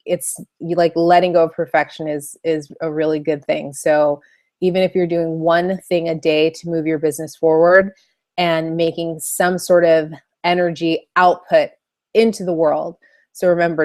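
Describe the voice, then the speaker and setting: A woman's voice: low-pitched, dry recording, clean studio sound. A woman coaching in a casual video training, chatty and loose with many fillers. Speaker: online business coach.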